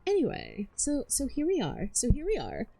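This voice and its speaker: Hyper, swearing woman streamer, lively pitch. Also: moderate pace, creaky. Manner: rambling, swears a lot, stammers and repeats herself. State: hyper yet tired. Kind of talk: casual stream chat.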